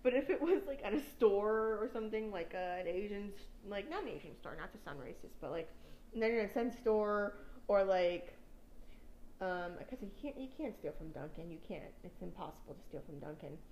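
A woman's voice: mid-range voice, lively intonation, moderate pace, darkish tone, roomy sound, a little hiss or hum, poor audio. A young woman from New York, a podcast host chatting casually, rambling and swearing and laughing at her own stories. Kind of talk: casual chat.

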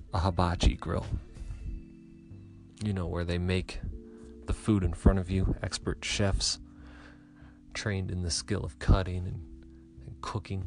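A man's voice: low voice, a little mellow. A man telling a rambling, profane comic story with chatty asides.

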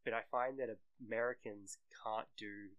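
An Australian man with a bright, forward voice, talking loosely in a casual podcast chat. He rambles, swears freely and drops into jokey mock accents now and then. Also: on the low side, fairly even intonation, moderate pace, clean tone, no echo, muffled recording. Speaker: podcast co-host.

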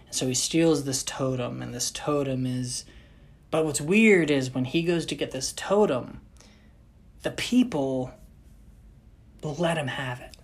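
A woman hosting a podcast, telling a story in a casual, animated, jokey way full of asides. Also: rumbling low, a little slow, long pauses.

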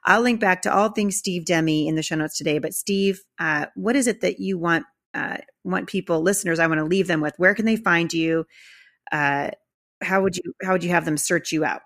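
A woman hosts a podcast in casual conversation, warm and encouraging. Her voice sits a little low for a woman. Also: moderate pace. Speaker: podcast host. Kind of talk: casual chat.

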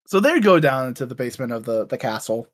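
A man's voice: mid-range voice, big pitch swings, quick pace. A man co-hosting a casual chat, animatedly retelling a cartoon with lots of swearing. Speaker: podcast co-host.

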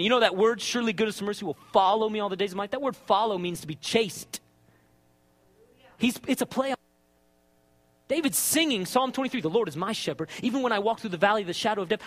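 A man preaching a sermon with passion, dropping to hushed tones and rising to shouts. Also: very high-pitched, very animated, fast. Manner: impassioned, swings between hushed and shouting. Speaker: pastor.

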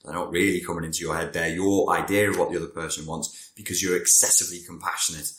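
Speaking fast in a low, fairly bright voice with fairly even intonation, a therapist explains personality traits to camera in an echoey room. His manner is conversational and digressive, with wry asides.

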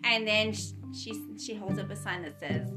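A chatty woman at an average pitch walks through a movie's story in a loose, rambling way and often stops on an um. Soft guitar music plays under her voice. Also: normal speed. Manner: rambling, chatty, with frequent ums. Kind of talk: casual movie recap.

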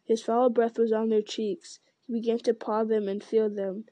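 A woman reading a novel aloud in an even, unhurried way, with the odd small restart. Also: a little high, no room sound. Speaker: audiobook reader.

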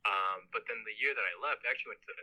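A man's voice: on the low side, rapid-fire, sharp tone, poor audio. A young man as a podcast guest, telling rambling stories in casual chat, laughing and swearing.

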